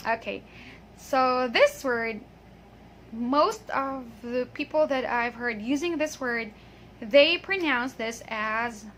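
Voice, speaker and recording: A woman teaching an English pronunciation lesson. She is patient, models each word slowly and checks in often. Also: fairly high pitch, lively intonation, a bit bright. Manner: patient, drills words and checks with "okay?"; repeats words slowly to model them.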